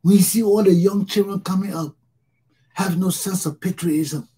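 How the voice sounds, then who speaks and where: A man's voice: sits high, steady tone, moderate pace, mellow, slightly rough. A Liberian man hosting his own talk show, speaking in an impassioned solo monologue and repeating phrases for emphasis.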